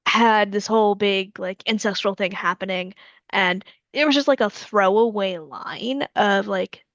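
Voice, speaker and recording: An American woman hosts a relaxed interview as an author, asking friendly questions and giving short nods of agreement. Her voice is mid-pitched. The audio is dry and a little muffled, like a video call. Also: measured pace, no room sound. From United States. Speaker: author and host. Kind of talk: casual interview chat.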